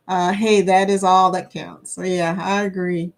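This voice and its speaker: A woman's voice: on the low side, level tone, slow pace, gravelly. A woman, hosting a casual live stream. She chats eagerly, greets viewers by name and breaks into whoops and laughs. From Kentucky, USA. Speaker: livestream host.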